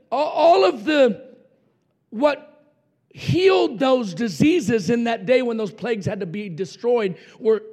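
Middle-aged man, fiery revival preacher; high gravelly voice, pushes the crowd to shout back. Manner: impassioned, shouting, calls for congregation response. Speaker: pastor. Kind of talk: revival sermon.

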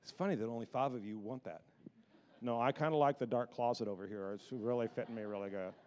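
A man preaching a sermon in an animated, repetitive style that builds in emphasis. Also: medium pitch, quick pace, slight background noise.

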